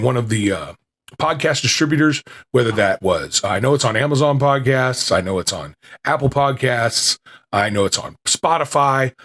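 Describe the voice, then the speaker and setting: A man hosting a small podcast chats casually, rambling and self-deprecating with restarts, before reading an old lecture aloud while his voice is still recovering. His voice is mid-range and a bit bright.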